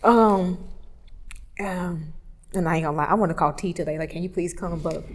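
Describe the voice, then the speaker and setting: A woman, candidly telling a personal story, moving from hushed tones to loud animated retelling. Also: on the low side, normal speed. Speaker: photographer telling her story. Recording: long reverb, roomy hall sound.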